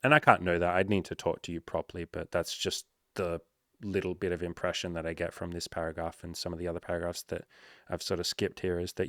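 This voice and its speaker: A young man with a fairly low voice gives a casual dating pep talk, loud with swearing and "bro" and acting out each quoted line. The sound is close and dry, with no room around it. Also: no echo. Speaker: dating coach. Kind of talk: casual advice monologue.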